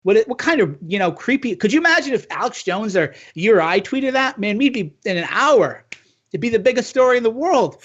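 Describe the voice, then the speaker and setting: A man's voice: high voice, very animated, fairly quick, fairly bright tone. A man talking as a guest in a casual conversation, earnest and urging, often stumbling and restarting his sentences. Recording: dull lo-fi sound.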